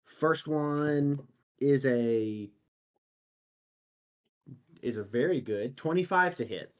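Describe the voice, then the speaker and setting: A man narrating as dungeon master, unhurried and laughing easily, with fillers between descriptions. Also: medium pitch. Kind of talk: narrating a tabletop game.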